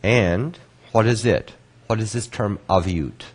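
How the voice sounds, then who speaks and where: A man teaching an online course, patiently answering student questions and explaining terms slowly with repetition. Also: lowish voice, slightly rough. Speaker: Kabbalah course instructor.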